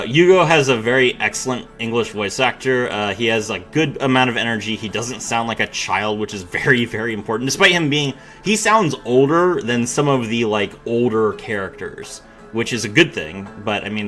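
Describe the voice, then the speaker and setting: Guy reviewing game animations, bright voice, blunt and opinionated, lots of likes, faint music behind. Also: lowish voice, lively intonation, a little fast. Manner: blunt, opinionated, many "like" fillers. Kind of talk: casual commentary.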